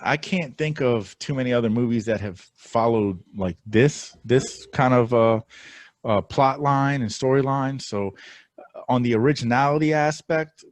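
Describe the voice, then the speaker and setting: A man's voice: mid-range voice, a little slow, no room sound. A man co-hosting a film podcast, talking casually about upcoming movies with lots of fillers and restarts. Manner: relaxed, rambling with many fillers and restarts. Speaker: podcast co-host presenting film trailers. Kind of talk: casual chat.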